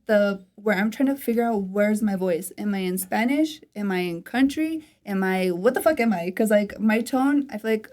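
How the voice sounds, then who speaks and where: A young woman with a raspy voice hosting a casual podcast chat, laughing often and swearing freely. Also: medium pitch, lively intonation, normal speed, hardly any pauses, a little mellow. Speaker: podcast host.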